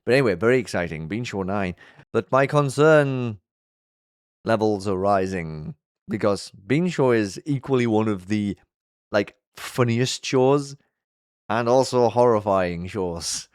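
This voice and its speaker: A man hosting a casual commentary vlog, chatty and upbeat, with lots of fillers and restarts, and his voice jumps high when he gets sincere. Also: lively intonation, a little slow, clean tone, no room sound, studio quality. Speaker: YouTube show host.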